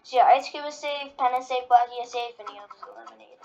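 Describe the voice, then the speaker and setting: A woman's voice: a little high, fast talker, a little mellow, highs cut off, slight background noise. A woman giving casual reaction-video commentary, rambling with lots of fillers. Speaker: video creator.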